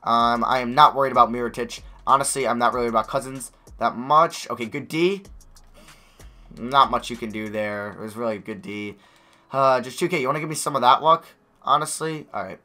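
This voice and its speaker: A young man giving live commentary on a basketball video game, excitable, swinging from quiet muttering to loud yells. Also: medium pitch, brisk. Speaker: gaming YouTuber.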